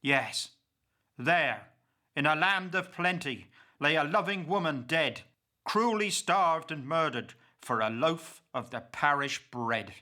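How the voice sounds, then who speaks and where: Man voicing an old pauper: bitter, accusing, very slow, a high and sharp voice. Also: animated, full character voice. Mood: grieving. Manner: slow, declamatory and impassioned. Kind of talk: dramatic verse recitation.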